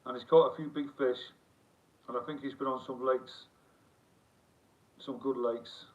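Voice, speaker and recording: A man's voice: medium pitch, fairly even intonation, a little slow. Chatty man on a tinny stream. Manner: rambling, chatty, swears freely, reads chat aloud. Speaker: livestream host. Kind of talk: casual live-stream chat. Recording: tinny phone-like sound, distant from the mic.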